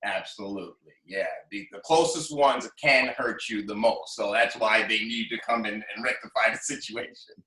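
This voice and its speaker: A man hosting an interview, chatty and lively, laughing along with his guest. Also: on the low side, normal speed, hardly any pauses. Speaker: interview host. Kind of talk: casual interview talk. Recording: roomy echo.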